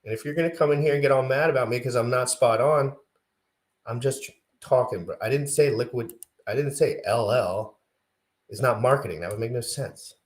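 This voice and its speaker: A man co-hosting a casual crypto livestream, rambling and self-deprecating, getting excited between tangents. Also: mid-range voice, moderate pace. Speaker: livestream co-host.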